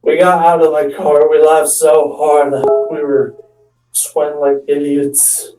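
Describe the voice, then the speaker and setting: A man's voice: on the high side, little pitch movement, measured pace, dark tone, far from the mic, faint music behind. A young man telling a long, rambling comic story, restarting often and acting out the quotes. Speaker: stand-up comedian telling a story. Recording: echoey room, voice off-mic.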